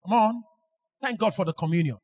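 High-voiced, booming male preacher. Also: fairly quick, breathy edge. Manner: booming, sing-song preaching with sudden shouts. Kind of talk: sermon.

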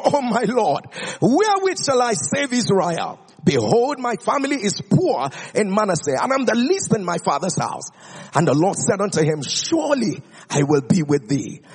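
A man preaching a sermon, reading scripture aloud in a dramatic, declamatory way that swings high and low. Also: slightly rough, in a large hall.

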